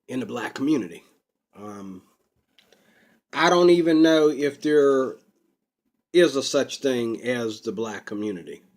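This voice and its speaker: A man talking to camera in a rambling personal vlog, unscripted and full of drawn-out ums. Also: medium pitch. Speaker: vlogger. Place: Pittsburgh.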